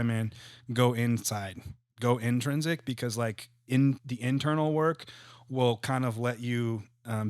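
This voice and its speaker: A man's voice: medium pitch, no echo, clean studio sound. A man in his thirties, a guest on a podcast, talking in an earnest, reflective way and often dropping "man" and "like". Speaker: guest, real estate entrepreneur. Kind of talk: casual podcast conversation.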